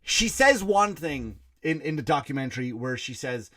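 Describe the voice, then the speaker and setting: Here the Irish podcast host speaks at medium pitch with big swings, at a normal pace with few pauses and a fairly bright tone. Middle-aged, with a partly Americanized accent, he delivers a blunt, profane comedy rant, frequently restarting sentences.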